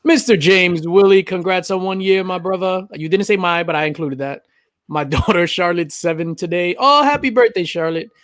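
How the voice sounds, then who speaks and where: A man's voice: sits high, moderate pace, a bit bright, dry recording, studio quality. A man hosting a casual live stream, chatting animatedly, laughing and reading out viewer comments. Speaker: host of a live stream show.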